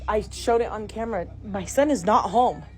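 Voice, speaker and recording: A frightened middle-aged woman whispers and exclaims as she films her own house on a handheld phone indoors. Her voice is mid-range and her pace moderate, and the phone camera picks up a noisy home recording.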